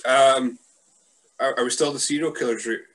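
A man hosting a podcast, chatting casually in a deadpan, joking way. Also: mid-range voice, moderate pace. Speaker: podcast host.

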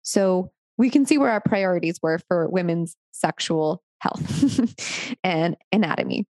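Frank woman with a gravelly edge. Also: on the low side, measured pace, no echo. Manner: frank, relaxed and encouraging, with laughs. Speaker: sex educator. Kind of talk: candid educational talk.

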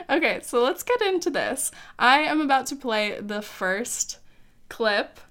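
A woman's voice: a little high, fairly bright tone, clean tone. A young woman hosting her own podcast, chatting casually and teasing herself, with laughs, fillers and the odd swear word. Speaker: podcast host. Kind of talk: casual solo podcast chat.

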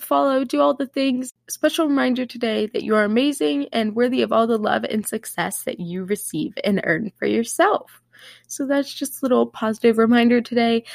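Bubbly young woman, nasal, gravelly edge. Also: on the high side, no echo, clean studio sound. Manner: bubbly, chatty, full of "like". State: nasal from allergies. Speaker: podcast host. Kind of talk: casual solo podcast chat.

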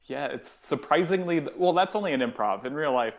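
A man's voice: a little high, animated, brisk, vocal fry. A man, a guest comedian, chatting casually on a podcast and laughing often.

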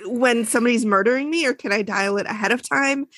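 A woman co-hosting a casual podcast, telling a scary story with animated, exaggerated drama and acted-out dialogue. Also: a little high, quick pace, no echo. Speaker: podcast co-host. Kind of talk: casual chat.

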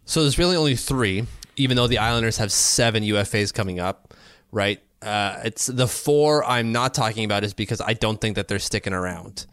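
A man's voice: on the low side, a little fast, fairly bright tone, clean tone, dry recording, studio quality. A man co-hosting a casual hockey podcast, talking through his opinions with frequent restarts and fillers. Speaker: podcast co-host. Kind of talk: casual sports talk.

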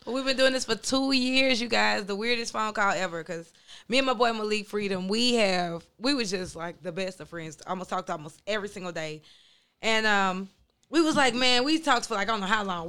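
A woman co-host, talking in a loud, playful, high-energy way and laughing as she tells stories. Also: quick pace, clear, resonant tone. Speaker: co-host and event host. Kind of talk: casual hype talk and storytelling.

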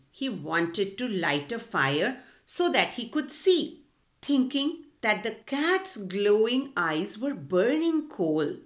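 A woman reading a storybook aloud to children in an expressive, slow and clear manner. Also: mid-range voice.

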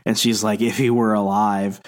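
A man's voice: fairly low pitch, level tone, moderate pace. Casual man recapping a comic. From Canada. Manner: casual, quotes characters in plain voice, laughs often. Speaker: podcast co-host recapping comics. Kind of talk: casual chat, retelling a comic issue.

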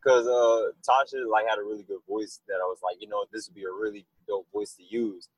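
A man with a fairly low, husky voice chats casually in an interview. He rambles and tells animated stories. The sound is dry and close. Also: brisk, dry recording, muffled recording. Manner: rambling, animated storytelling with laughs. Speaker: musician guest.

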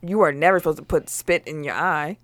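A woman's voice: sits low, a little fast. A woman hosting a casual sports chat podcast, teasing the others and laughing often. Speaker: podcast host.

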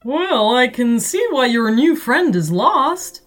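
A woman doing a calm, thoughtful dad. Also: high voice, slow pace, soft background music, pitched above the performer's own voice, heavily acted.

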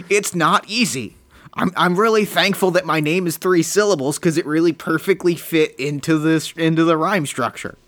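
A man's voice: fairly high pitch, a bit bright, natural voice. A man voicing a lonely, poetry-loving male bridge troll who talks in a chatty, hesitant way.

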